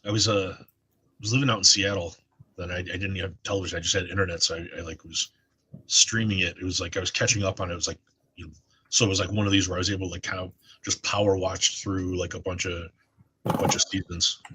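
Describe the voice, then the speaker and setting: A man chatting casually on a stream, rambling and halting with restarts. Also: sits low, fairly even intonation, pushed and bright, slight background noise.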